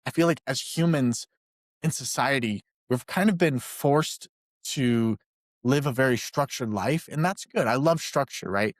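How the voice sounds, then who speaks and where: A man co-hosting a podcast in a chatty, playful way, putting on silly high voices for jokes. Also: a little slow, no room sound, clean studio sound. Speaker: podcast co-host. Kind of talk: casual podcast chat.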